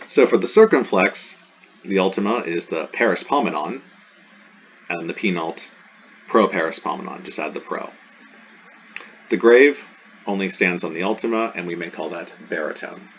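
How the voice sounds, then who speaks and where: Deep-voiced man teaching a lesson. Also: animated. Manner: enthusiastic, repeats terms slowly. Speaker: Greek teacher. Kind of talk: recorded lesson. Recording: dull lo-fi recording with faint hiss.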